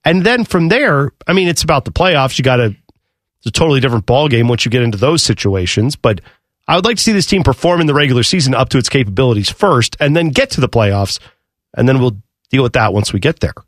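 A man's voice: medium pitch, lively intonation, fast, dry recording, studio quality. A man co-hosting a sports radio show, talking casually and musing about the game. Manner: conversational, musing.

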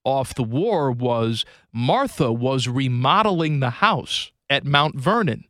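A man's voice: mid-range voice, expressive, slow, fairly bright tone, no room sound, clean studio sound. A man co-hosting a radio show, telling rambling self-mocking stories in comedic banter.

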